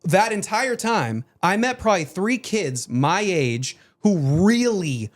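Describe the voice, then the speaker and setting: A man with a Boston accent chats as a podcast guest in a somewhat high voice. He tells stories in a rambling, animated way, with many fillers and restarts. He sounds like a former teacher. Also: unhurried. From Boston area, USA. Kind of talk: casual podcast chat.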